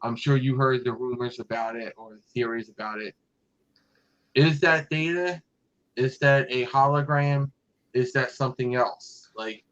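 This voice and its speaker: A man's voice: medium pitch, fairly bright tone, muffled recording. Rambling man hosting a fan chat. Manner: rambling, many fillers and restarts. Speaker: podcast host.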